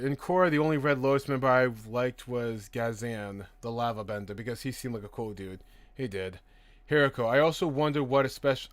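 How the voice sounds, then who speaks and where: A man's voice: mid-range voice, fairly bright tone, no echo. A man hosting a casual live stream, reading out and answering chat questions in a chatty, profane way, laughing easily.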